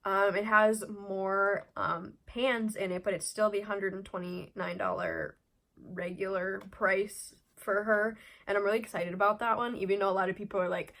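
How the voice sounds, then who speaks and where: A woman's voice: medium pitch, normal speed, a bit bright. A young woman talking straight to camera in a casual beauty vlog. She is blunt and chatty, and she rambles through her opinions with plenty of fillers and restarts. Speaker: beauty vlogger.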